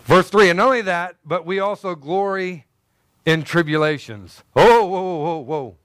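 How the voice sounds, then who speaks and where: Guy pastor preaching, kinda high voice, jokey and animated, dry sound. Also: normal speed, clear, resonant tone, no room sound. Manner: animated, jokey, talks to congregation. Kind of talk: sermon.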